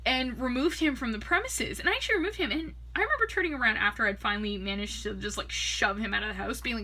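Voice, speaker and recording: A woman's voice: sits high, sing-song, brisk, pushed and bright. A tipsy young woman, a makeup artist, telling a rambling, profane story in a casual way and laughing often. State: tipsy from drinking.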